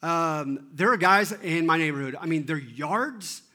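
A man in his thirties giving an animated, self-deprecating sermon and often asking the audience questions. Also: a little high, measured pace. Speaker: teaching pastor.

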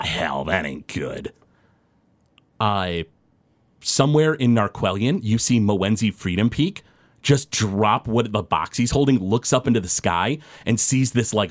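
A man's voice: mid-range voice, dry recording. Guy gm narrating a tabletop game, rambly w lots of "like", dry mic. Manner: loose, descriptive narration with many fillers. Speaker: game master.

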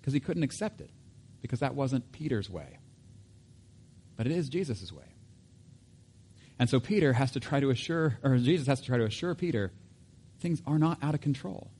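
A man's voice: mid-range voice, big pitch swings, moderate pace, pauses often, a little mellow, slightly rough. A man preaching a sermon in a casual, conversational way, with asides and self-corrections. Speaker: pastor.

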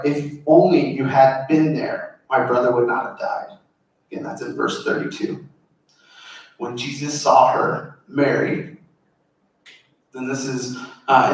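A man preaching a sermon in an earnest, informal, conversational way, explaining a scripture passage. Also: mid-range voice. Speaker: pastor. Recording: very echoey room, voice far from mic.

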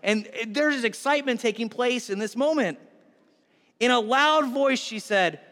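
A man preaching a sermon as pastor, telling the story with lively, animated acting-out of scenes. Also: extremely high pitch, moderate pace, in a large hall.

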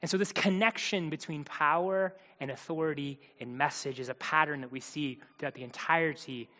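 A man's voice: a little high, fairly even intonation, brisk, pushed and bright, big-room sound. A man preaching a sermon in a conversational, emphatic way, acting out the quotes he tells.

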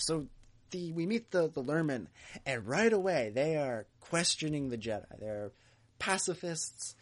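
Guy co-hosting a fan podcast, chatty, laughs a lot, trips over his words. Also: medium pitch. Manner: chatty, laughs often, many restarts. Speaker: podcast co-host. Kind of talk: casual chat.

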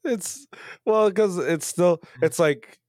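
A man chatting casually as podcast co-host, easygoing, with quick, agreeable quips. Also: high-pitched, darkish tone, no room sound, clean studio sound. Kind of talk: casual chat.

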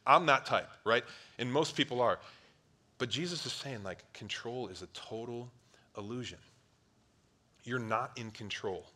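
Animated male pastor with a bright, forceful voice. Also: medium pitch, measured pace. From Ohio, near Cleveland. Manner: animated, acts out voices, swings from loud to hushed. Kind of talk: sermon.

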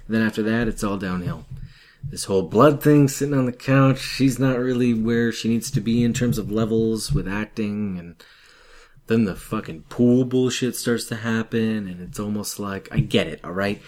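A man co-hosting a casual movie-review podcast, ranting in an animated way and swearing freely. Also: on the low side, normal speed. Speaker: podcast co-host.

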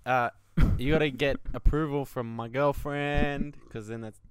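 A man co-hosting a podcast in casual chat, teasing his partner with quick banter and laughing along. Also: medium pitch, steady tone, smooth, no room sound, studio quality. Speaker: podcast co-host.

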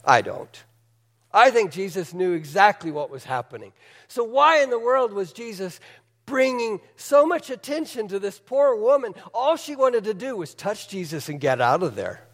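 A male pastor delivers a sermon with a high voice. He preaches in an earnest, conversational, emphatic manner, and a long reverb trails each phrase. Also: very animated, normal speed.

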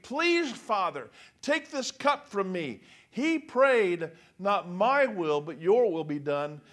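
A man with a high voice preaches a sermon. He reads scripture aloud and acts out the quoted speakers with dramatic flair. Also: a bit bright. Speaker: pastor.

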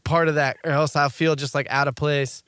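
Young dude rambling on a podcast, kinda high voice, super dry close mic. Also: male voice, fairly quick, clear, resonant tone, dry recording. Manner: rambling, animated, many fillers and restarts. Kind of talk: casual chat.

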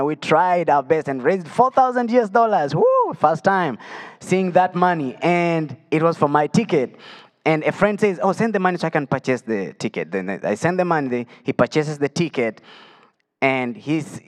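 A man's voice: medium pitch, in a large hall. A man from Africa sharing a personal testimony in church, telling his story with emotion. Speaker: guest speaker sharing testimony.

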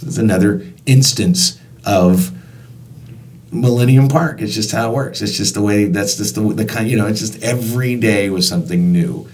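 A man's voice: on the low side, normal speed, a little mellow. A man telling a personal work anecdote in a conversational way, often restarting sentences and acting out dialogue. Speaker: storyteller recalling work as concert venue staff. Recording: voice picked up from a distance.

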